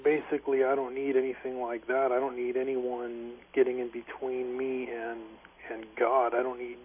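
A man's voice: mid-range voice, completely flat delivery, moderate pace, a little hiss or hum. A man calling in to a radio talk show, speaking plainly and briefly. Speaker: caller. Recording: tinny phone line.

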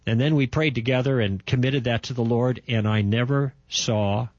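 An older man recounts a personal testimony, driving his points home with repetition and emphasis. His voice is husky, at an ordinary pitch for a man. The recording is dry and a little dull. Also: normal speed, no echo. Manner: animated, emphatic storytelling with repetitions. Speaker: testimony speaker.

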